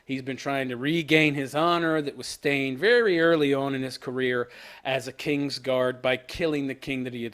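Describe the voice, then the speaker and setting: A man's voice: mid-range voice, a bit bright. A man ranting sarcastically about a TV episode, laughing as he reviews it. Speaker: show reviewer.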